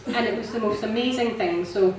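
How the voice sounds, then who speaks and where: A woman tells her church testimony in a chatty, animated way, laughing as she goes and filling pauses with ums. Her voice sits at a middle pitch. It comes from some distance off the mic and carries a strong echo through the church, with a faint hiss underneath. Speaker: church member sharing a testimony.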